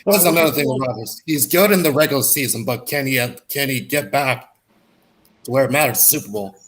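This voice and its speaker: A man's voice: medium pitch, expressive, fairly quick, a bit bright. A man on a casual sports panel, wry and sarcastic, stretching out his words.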